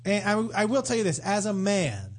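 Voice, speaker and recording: Man, co-host, high-pitched, very animated, playful, contrarian. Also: moderate pace. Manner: playful, animated, argues back. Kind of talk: comedic advice chat. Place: studio.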